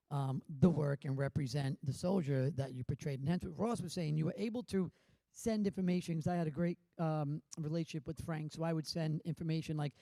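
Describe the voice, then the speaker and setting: A man on a panel, telling a lively anecdote and acting out quotes. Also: on the high side, no echo. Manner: animated storyteller, acts out quotes.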